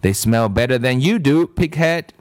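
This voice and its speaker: A man voicing a rude, smelly little creature hidden under raincoats in a storybook reading, with a slow, sneering drawl. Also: mid-range voice, lively intonation, natural voice.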